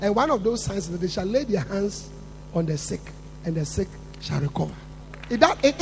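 A man delivering a sermon in a very high, lively voice that swings wide in pitch and carries a gravelly rasp. He builds emphatically, repeating words and rising toward shouts. A faint mains hum sits under the recording. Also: normal speed. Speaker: preacher.

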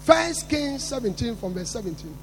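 A man delivering a sermon in a very high, lively voice that swings wide in pitch and carries a gravelly rasp. He builds emphatically, repeating words and rising toward shouts. A faint mains hum sits under the recording. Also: normal speed. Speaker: preacher.

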